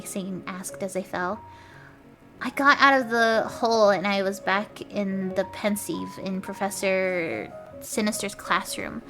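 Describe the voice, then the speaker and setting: A woman's voice: mid-range voice, steady tone, moderate pace, over music. A woman streamer reading fan fiction aloud with commentary, stumbling over words, laughing and swearing as she goes.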